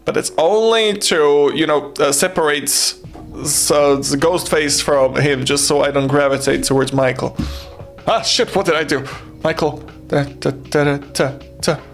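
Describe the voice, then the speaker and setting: A man's voice: a little high, normal speed, vocal fry, faint music behind. A man streaming a game live, reading its story aloud in a jokey, swearing, playful way. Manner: jokey, swearing, breaks into laughter and silly outbursts.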